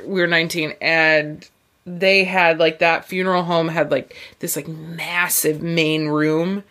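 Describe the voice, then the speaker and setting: A young woman in casual conversation tells a personal story. Her voice sits a little low for a woman, and she jumps into the voices of the people she quotes, peppering every sentence with "like". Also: measured pace. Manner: animated, acts out quoted voices, lots of "like".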